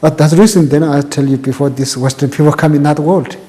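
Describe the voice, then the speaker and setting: An older man from Tibet with a Tibetan accent, whose first language is Tibetan, recounting his life in an oral history interview in halting, repetitive, broken English. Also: on the high side, fairly even intonation, dark tone, in a large hall. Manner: halting, repeats words, plain broken English.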